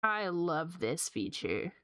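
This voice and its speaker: A woman's voice: lowish voice, very animated, takes it slowly, a bit bright. A woman in her late twenties chatting casually and rambling while she draws on stream, laughing often. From Canada. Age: late 20s. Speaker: art streamer. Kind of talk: casual chat while drawing.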